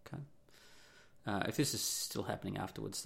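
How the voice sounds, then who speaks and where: A man's voice: fairly low pitch, a little fast, gravelly, fairly bright tone. A middle-aged man hosting an opinionated monologue, blunt and profane, firing off rhetorical questions.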